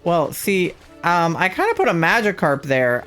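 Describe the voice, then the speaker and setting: A woman streaming a game live, reacting out loud with excited exclamations and casual swearing. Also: lowish voice, brisk, few pauses, faint music behind. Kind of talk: live gameplay commentary.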